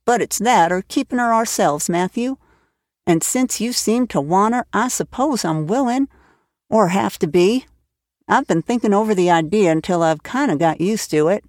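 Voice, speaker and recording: A woman voicing a stern, brisk middle-aged spinster woman who speaks severely. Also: medium pitch, lively intonation, darkish tone, dry recording, clean studio sound, lightly acted.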